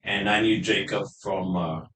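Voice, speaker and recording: Low-voiced man, echoey room, off-mic. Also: steady tone, fairly bright tone, far from the mic. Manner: halting, repeats words, laughs easily. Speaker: podcast host and gym owner. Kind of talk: casual conversation. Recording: echoey room, away from the mic, faint noise.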